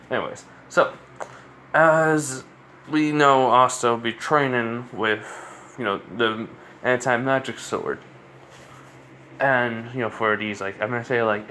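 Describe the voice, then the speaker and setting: A man's voice: medium pitch, a little slow, a bit bright, slight background noise. Rambling male storyteller, casual. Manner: rambling, many fillers and restarts. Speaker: storyteller of fan stories.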